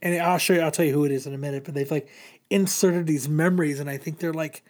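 A man's voice: on the high side, steady tone, fast talker. A man casually retelling a comic book plot, rambling with lots of fillers. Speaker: podcast co-host.

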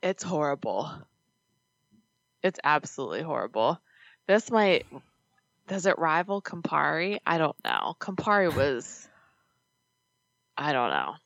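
A woman's voice: sits low, big pitch swings, measured pace, creaky, pauses often, a bit bright, no echo. A woman co-hosting a podcast in casual chat, blunt and joking, swearing casually. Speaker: podcast co-host.

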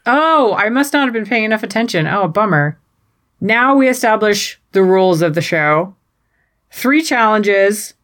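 American woman, podcast co-host, casual recap chat, dry jokes, mid-pitched voice. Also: expressive, measured pace, a bit bright. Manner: wry, sweary, jokey.

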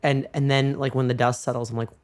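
Man, early twenties, smooth clear voice, halting and reflective. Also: mid-range voice, level tone. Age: 20s. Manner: hesitant, repeats words, lots of fillers. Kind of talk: casual chat.

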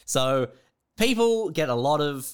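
A man's voice: on the high side, sing-song, unhurried, smooth. A man co-hosting a podcast, laid-back and dry in casual comedic banter. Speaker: podcast co-host.

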